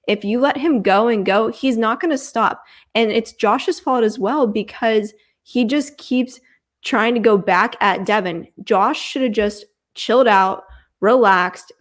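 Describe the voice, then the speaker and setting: A woman co-hosting a reality show recap in a casual chat, giving firm opinions on the cast's choices. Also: fairly high pitch.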